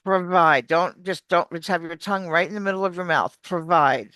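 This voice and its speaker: An accent coach giving explanatory interview answers like an animated teacher, demonstrating words. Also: medium pitch, fast, clear, resonant tone, no room sound.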